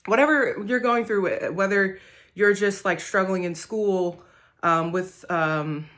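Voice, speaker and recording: A woman singer-songwriter talking casually to the camera, soft-spoken and rambling, with many hesitant fillers. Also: on the low side.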